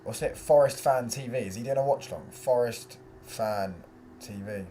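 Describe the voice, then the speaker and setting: A man's voice: medium pitch, moderate pace, mellow, slight background noise. A young man hosting a live football watchalong stream, chatting in casual slangy banter and reacting to the match and viewers' messages.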